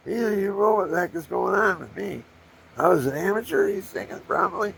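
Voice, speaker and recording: An older man tells rambling personal stories in a deeply gravelly voice. He gets animated as he goes and acts out the punches with his own sound effects. A faint hiss sits behind him. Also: fast. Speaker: storyteller.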